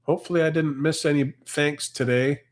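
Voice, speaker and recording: A man's voice: on the high side, steady tone, a little fast. A man in his fifties from Canada, hosting a casual farm livestream, chatting and reading viewer comments aloud.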